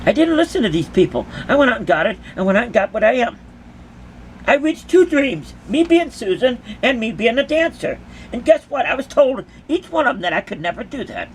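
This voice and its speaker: A woman's voice: on the high side, big pitch swings, brisk, slight background noise. A woman who dances at concerts giving an impassioned, emphatic monologue to her critics, full of repeated rhetorical questions.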